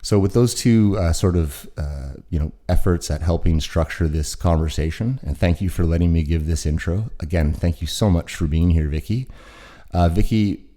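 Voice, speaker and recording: A man hosting an interview, introducing his guest in a halting way with many fillers. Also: low-pitched, dark tone. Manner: halting, filler-heavy delivery. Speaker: podcast host.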